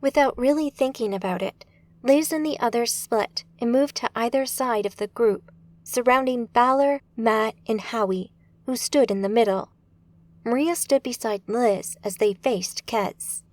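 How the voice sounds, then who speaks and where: Woman narrator for a fantasy audiobook, measured and unhurried, a touch high. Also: darkish tone, dry recording.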